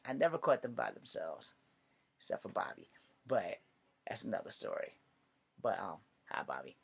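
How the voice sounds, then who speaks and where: A man's voice: mid-range voice, wildly swooping pitch, normal speed, vocal fry, long pauses, breathy edge. A man from the United States spinning loose, profane stand-up stories. He rambles from one tangent to the next and laughs at his own punchlines, in an easy amateur delivery. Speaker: amateur comedian.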